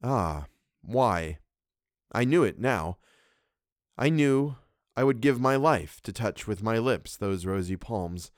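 A man narrates a classic story in a measured, even manner. His voice sits at an ordinary mid pitch. The recording is dry and close, with no room sound. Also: dry recording. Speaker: podcast narrator.

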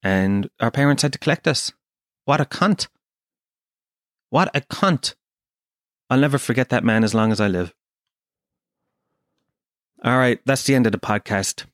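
A man's voice: mid-range voice, lively intonation, a little slow, long pauses, fairly bright tone, no echo, studio quality. An Irish man from Kerry hosting a podcast, telling a comic story in a profane, self-deprecating way. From Kerry, Ireland. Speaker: podcast host.

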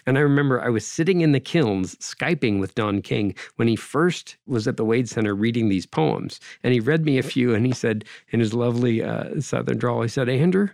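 A man's voice: mid-range voice, normal speed, vocal fry, hardly any pauses, a little mellow, no room sound, clean studio sound. A man speaking as an interview guest in a discursive, conversational way, often adding "right?" and "you know".

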